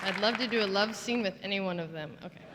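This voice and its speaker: On a large theater stage at an awards show, a woman with a medium-pitched voice tells a playful, gossipy comic story at a fast clip. The hall is echoey, with a loud audience and heavy background noise.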